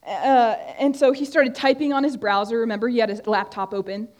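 A woman's voice: on the high side, steady tone, brisk. A young woman giving a conversational Bible talk to a group, often restarting her sentences. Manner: conversational, with frequent restarts and fillers. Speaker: student ministry speaker. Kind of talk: sermon-style Bible teaching. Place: room with a group of listeners.

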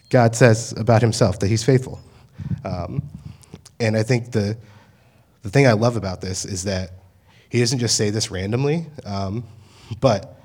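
This young man in his twenties works on campus ministry staff and delivers a relaxed, conversational sermon packed with fillers and paraphrased asides. His pitch sits fairly low and his tone is somewhat dark.

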